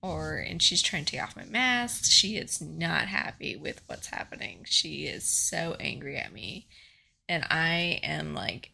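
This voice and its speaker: Gravelly, bright-voiced woman chatting. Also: sits low, unhurried. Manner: emotional, animated storytelling. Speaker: podcast co-host. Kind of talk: casual chat.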